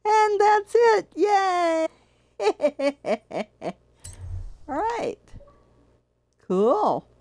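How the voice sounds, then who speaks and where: A woman's voice: extremely high pitch, big pitch swings, very slow, pauses often, darkish tone, dry recording. An older woman streaming a racing game, chatting casually and giggling often. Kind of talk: casual live-stream commentary.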